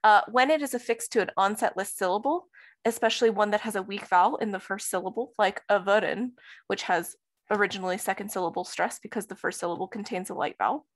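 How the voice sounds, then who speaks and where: A woman's voice: mid-range voice, fast talker, dry recording. Woman presenting research, dry close sound. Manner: explanatory, frequent uh fillers. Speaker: linguistics presenter. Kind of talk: academic talk on phonology.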